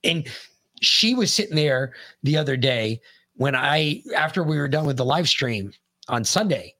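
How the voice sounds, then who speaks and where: A man co-hosting a casual podcast, talking loudly and profanely and breaking into shouts when something amuses him. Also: fairly high pitch, big pitch swings, a little slow, dry recording, studio quality. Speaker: podcast co-host. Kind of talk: casual chat.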